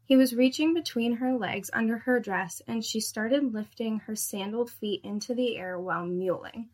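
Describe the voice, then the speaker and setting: A woman's voice: a little high, moderate pace, darkish tone. Sardonic young woman narrating a story.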